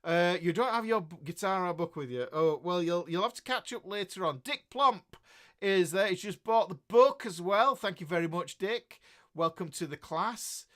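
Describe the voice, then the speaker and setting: A man in his fifties with a Northern English accent hosts a casual guitar live stream, greeting viewers by name. His voice sits slightly higher than most men's. He rambles warmly, with plenty of restarts and easy chuckles. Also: expressive, normal speed. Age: 50s. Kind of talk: casual live-stream chat reading out comments.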